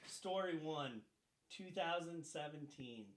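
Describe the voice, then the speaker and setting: A young man co-hosting a podcast, firing off deadpan wisecracks and quick comebacks in crude, casual banter. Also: on the high side. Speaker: podcast co-host.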